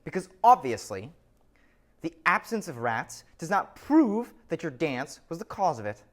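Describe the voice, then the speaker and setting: A man's voice: on the high side, very animated, measured pace. A man giving a scripted lecture, telling an illustrative story with wry asides.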